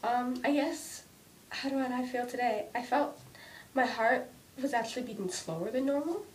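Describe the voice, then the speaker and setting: Anxious young woman ranting to camera. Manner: halting, restarts often, many "like"s. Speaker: vlogger. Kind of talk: emotional personal vlog rant. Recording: distant mic with faint rumble.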